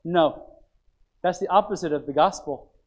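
A man preaching a sermon, swinging from loud, urgent preaching to soft, low pleading, often repeating phrases and restarting sentences. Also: normal speed.

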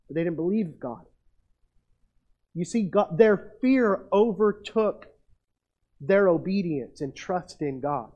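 Middle-aged male pastor, high voice, muffled lo-fi recording, self-mocking storyteller in a sermon. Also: lively intonation, slow, long pauses, a little mellow. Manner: storytelling, self-mocking, builds to emphatic peaks. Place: church. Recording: muffled lo-fi sound.

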